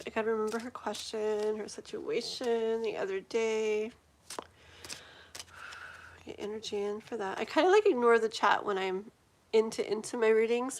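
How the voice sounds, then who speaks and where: A woman's voice: fairly high pitch, a bit bright, a little hiss or hum. A woman in her forties hosting a live tarot reading, chatting in a rambling, giggly way with many fillers. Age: 40s. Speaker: tarot reader hosting a livestream. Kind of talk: casual livestream chat.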